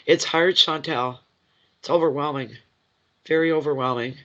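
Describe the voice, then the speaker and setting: A man giving a live intuitive reading, emotional and awed, halting and restarting as he talks. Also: a little high, a bit bright, muffled recording. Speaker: intuitive card reader.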